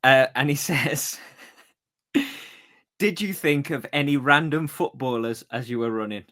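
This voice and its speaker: Bright-voiced man co-hosting a podcast. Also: mid-range voice, unhurried. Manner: supportive, asks questions, laughs along. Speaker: podcast co-host. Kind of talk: casual chat.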